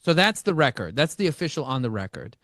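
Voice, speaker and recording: A man speaking as an interview guest, telling energetic stories and acting out both sides of conversations. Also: a little high, quick pace, dry recording, clean studio sound. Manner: animated, acts out dialogue with shifting voices. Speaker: podcast guest, marketing expert.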